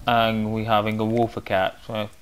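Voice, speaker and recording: A man hosting a gaming channel, chatting through a walkthrough in loose, halting English and getting excitable as he plays. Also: on the low side, slight background noise. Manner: loose, halting non-native English phrasing. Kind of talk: gameplay walkthrough commentary.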